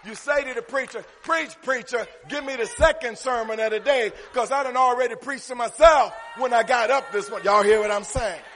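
Pastor preaching, high voice, hollers back at the congregation, big echoey church. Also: male voice, brisk, hardly any pauses. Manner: call-and-response preaching, rising to shouts. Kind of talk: sermon. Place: church sanctuary. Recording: long reverb of a church hall.

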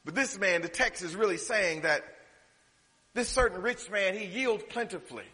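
Bright-voiced preacher man in a reverberant hall. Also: high voice, animated, moderate pace. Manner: dramatic, swinging from loud preaching to hushed asides. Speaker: pastor. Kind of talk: sermon.

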